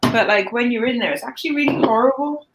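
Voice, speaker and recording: A woman's voice: on the high side, fast, noisy background. A woman in casual chat with friends, teasing and chatting while she snacks.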